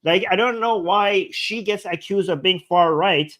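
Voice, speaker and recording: Guy reacting to a clip, sarcastic, keeps repeating himself, kinda high voice. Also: measured pace, a bit bright. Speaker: channel host. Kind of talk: casual reaction commentary.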